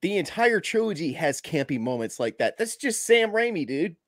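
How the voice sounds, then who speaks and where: A man co-hosting a podcast in a casual movie chat, excitable, stammering and breaking into quoted movie lines. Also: fairly high pitch, moderate pace, no room sound. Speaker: podcast co-host.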